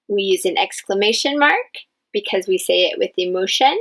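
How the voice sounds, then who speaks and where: A woman English teacher leading a dictation lesson, speaking patiently and spelling out each word clearly. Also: medium pitch, animated, moderate pace, fairly bright tone, poor audio. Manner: patient, enunciates each word, stresses key words. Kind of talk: slow, clear classroom dictation.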